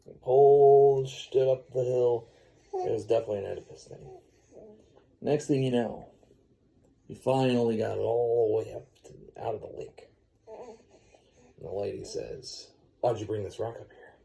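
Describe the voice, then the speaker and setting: A man's voice: medium pitch, unhurried, vocal fry, pauses often, warm tone. A man improvising a rambling, playful story for a baby. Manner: rambling, playful, sing-song. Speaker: parent telling a story to a baby.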